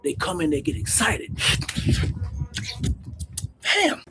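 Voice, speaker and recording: A man hosting his own channel, telling stories in a casual, animated, slangy way, calling everyone "bro". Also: fairly high pitch, slow, background noise. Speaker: channel host recounting prison life. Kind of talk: casual storytelling to camera.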